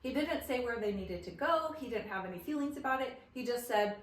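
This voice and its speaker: Expressive woman telling a story, echoey. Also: fairly high pitch, a little fast. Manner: expressive, retells conversations in quotes. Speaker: co-host. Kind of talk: casual conversational storytelling. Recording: echoey room.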